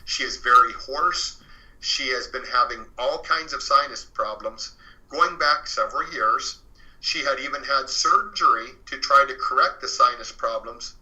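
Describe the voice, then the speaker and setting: A man's voice: medium pitch, unhurried, pushed and bright, lo-fi sound. A man as an interview guest, earnestly telling a true paranormal story in a casual way, full of fillers. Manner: earnest and conversational, many fillers.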